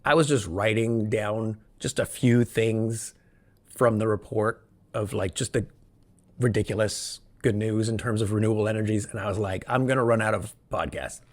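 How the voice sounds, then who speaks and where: Husky, excitable male podcast host. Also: lowish voice, normal speed. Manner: excitable, rambling, jokey. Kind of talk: solo podcast monologue. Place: room where he records alone. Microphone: podcast microphone, also filmed.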